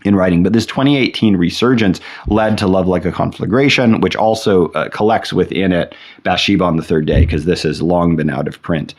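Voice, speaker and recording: A man giving a thoughtful talk on poetry, reading poems slowly aloud and pausing with fillers and restarts. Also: low voice. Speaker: poetry lecturer.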